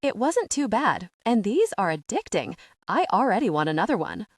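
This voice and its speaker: A woman's voice: medium pitch, sing-song, moderate pace, dry recording, studio quality. A woman voicing a playful, giggly young woman in a romance audiobook.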